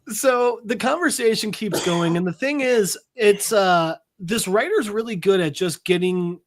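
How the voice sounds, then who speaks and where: A man in his thirties with a high voice co-hosts a podcast, retelling a comic book in a loose, conversational way. He laughs often and slips into quick voices for each character.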